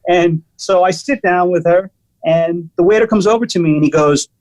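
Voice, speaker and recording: A man, a guest musician, chatting and telling stories in an animated, casual way. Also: high-pitched, moderate pace, rough recording. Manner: animated, lots of fillers and restarts. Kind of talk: casual storytelling chat.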